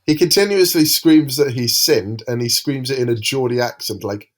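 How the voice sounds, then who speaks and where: A man's voice: mid-range voice, lively intonation, moderate pace. A man co-hosting a podcast in casual chat, rambling and hesitant as he describes things. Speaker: podcast co-host.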